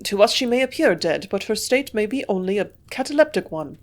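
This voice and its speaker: A woman's voice: mid-range voice, lively intonation, brisk, natural voice. A woman voicing an earnest, anxious young male doctor who urges and pleads. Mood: urgent. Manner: urgent, earnest.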